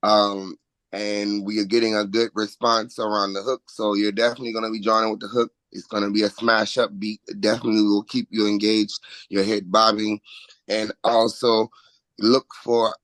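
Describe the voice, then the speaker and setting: A man's voice: lowish voice, level tone, moderate pace, a bit bright, dry recording, rough recording. A man from Washington, D.C. with a local accent, talking casually and upbeat about his music in an interview. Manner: upbeat, self-promoting, chuckles often. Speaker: recording artist, interview guest.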